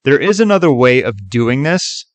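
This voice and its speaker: A man's voice: medium pitch, very animated, moderate pace, no room sound. Chatty man in a dry close recording. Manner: loose and chatty, many fillers like "like" and "okay". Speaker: tutorial host. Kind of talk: casual screen-recorded tutorial.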